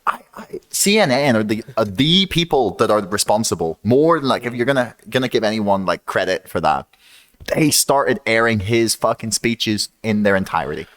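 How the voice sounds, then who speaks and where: Male podcast host, low voice, dry close mic, profane, animated storyteller. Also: normal speed, no echo. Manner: swears freely, animated storytelling. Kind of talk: casual chat.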